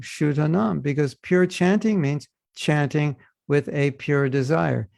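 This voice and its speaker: A man's voice: fairly high pitch, creaky, a little mellow, dry recording, clean studio sound. A man teaching a devotional class, earnest and addressing listeners with rhetorical questions. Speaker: spiritual teacher.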